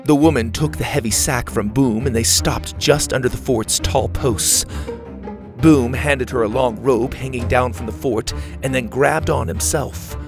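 A man narrating a children's adventure storybook with a steady, expressive reading. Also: mid-range voice, a little slow, over music.

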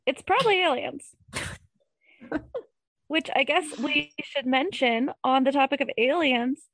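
Brief: woman, playful podcast co-host, laughs easily, slightly high voice, dry close mic. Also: unhurried, a bit bright, no room sound. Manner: giggly, playful, joking. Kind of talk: casual chat.

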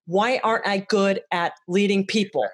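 A woman's voice: mid-range voice, steady tone. A woman hosting a podcast interview, enthusiastically reflecting on her guest's points. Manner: enthusiastic, affirming, quick to reflect back. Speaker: podcast host. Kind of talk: interview conversation.

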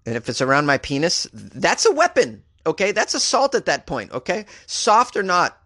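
A man hosting a comedy news podcast, reading stories and riffing on them with wry jokes and sudden jumps in pitch. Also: huge pitch swings, moderate pace, sharp tone, no echo, clean studio sound.

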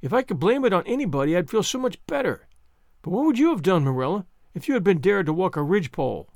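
A man's voice: sits high, big pitch swings, fast, no room sound, clean studio sound. A man reading the part of an imaginative, dramatic eleven-year-old girl, speaking solemnly and earnestly. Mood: plaintive.

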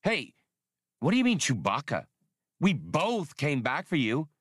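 A man voicing a cocky, sardonic male starship captain in an audiobook, quick and commanding. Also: a little high, wildly swooping pitch, husky, no echo, studio quality, pitched above the performer's own voice, heavily acted. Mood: wry. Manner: wry, commanding.

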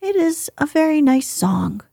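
A woman voicing an earnest young boy from a storybook, speaking in a soft, whispery way with her pitch raised. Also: sing-song, unhurried, creaky, dry recording, studio quality, full character voice. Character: sickly boy, eager and earnest.

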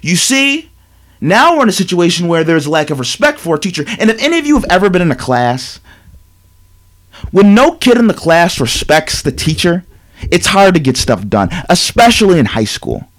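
A male sports talk host with a high voice that swings widely in pitch. He lectures emphatically, hammering his points with repetition. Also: sing-song, normal speed. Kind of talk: animated sports commentary monologue.

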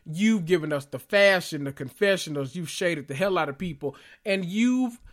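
A man's voice: high voice, animated, normal speed. A man hosting a podcast, giving sassy, blunt commentary with dramatic emphasis. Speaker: podcast host. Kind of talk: casual pop-culture commentary podcast.

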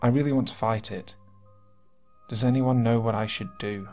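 A man reading submitted horror stories aloud as narrator, in steady, earnest storytelling. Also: medium pitch, moderate pace. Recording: faint music behind.

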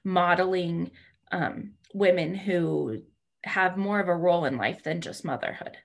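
Low, gravelly-voiced woman podcast host. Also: measured pace. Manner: warmly affirming, asks questions. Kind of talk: casual interview conversation.

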